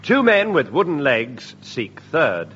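A man's voice: on the high side, wildly swooping pitch, takes it slowly. A man performing radio sketch comedy with dry, indignant banter. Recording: dull hissy old radio recording.

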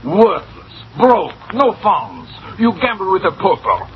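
A scheming, hot-tempered cafe boss, theatrical insults, voice swoops all over, old radio-play sound. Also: male voice, high-pitched, huge pitch swings, unhurried, full character voice. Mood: furious. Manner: theatrical, hurls insults at full volume. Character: scheming excitable male cafe manager, insulting. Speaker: cafe manager. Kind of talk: 1940s radio acting. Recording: dull old radio broadcast.

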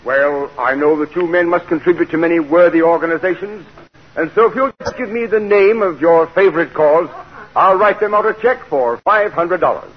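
A courteous wealthy gentleman. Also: fairly high pitch, moderate pace, husky, muffled recording. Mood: polite. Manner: courteous and formal. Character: polite, wealthy, refined middle-aged gentleman. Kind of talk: 1940s radio sitcom acting. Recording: hissy old radio recording.

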